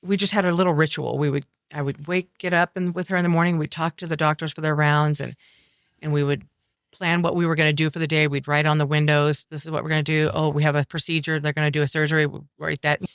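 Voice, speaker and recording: A middle-aged woman telling her personal story in an interview, speaking in a measured, reflective and earnest way. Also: low-pitched, flat delivery, smooth, no room sound, studio quality. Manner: measured, reflective and earnest, often quoting others. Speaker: interview guest, mother sharing her story. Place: coffeehouse.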